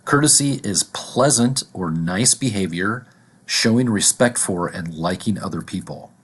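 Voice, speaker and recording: Low husky-voiced man teaching vocabulary. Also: expressive. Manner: deliberate, repeats each word and example. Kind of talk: vocabulary lesson.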